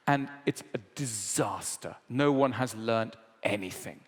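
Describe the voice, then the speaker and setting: A man giving a public lecture, animated and acting out the voices he quotes. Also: medium pitch, unhurried, few pauses. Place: large lecture hall. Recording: long reverb of a lecture hall.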